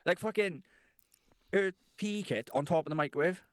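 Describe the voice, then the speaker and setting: A man's voice: sits high, moderate pace, dry recording, clean studio sound. A man in his thirties, a podcast co-host telling rambling stories in casual chat and swearing constantly.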